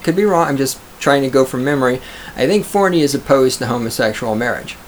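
This man reacts casually to an article he reads aloud, full of profanity and sarcasm, often ridiculing people in a raised put-on voice. He talks quickly at medium pitch with lively intonation, over slight background noise.

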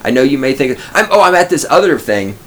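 A man's voice: medium pitch, sing-song, fast talker, background noise. A middle-aged man from Texas, hosting a podcast and telling a scornful, profanity-laced story as a ranting monologue. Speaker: podcast host.

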